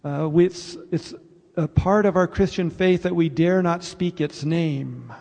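High-voiced pastor preaching slowly in a hall. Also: male voice, a little mellow. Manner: earnest, explanatory preaching with pauses. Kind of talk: sermon. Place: church sanctuary. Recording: reverberant church hall.

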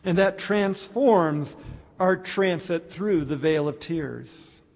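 A man preaching a sermon, slow and reflective, with dramatic pauses. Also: fairly high pitch, a little mellow. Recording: long hall reverb.

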